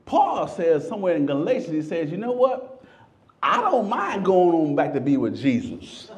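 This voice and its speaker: A man preaching a sermon, stumbling over repeated words, then shouting and stretching out scripture lines. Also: a little high, moderate pace. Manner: animated, shouting scripture with repetitions.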